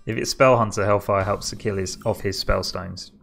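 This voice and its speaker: A man's voice: on the low side, vocal fry, fairly bright tone. A man giving casual commentary on his own card game as he plays, thinking aloud and chuckling often.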